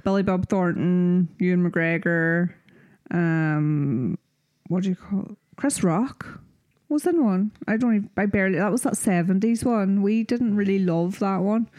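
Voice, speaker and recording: A woman's voice: medium pitch, measured pace, a little mellow, dry recording. A young woman from Donegal with an Irish accent, chatting casually as a podcast co-host, rambling with plenty of fillers. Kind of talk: casual chat.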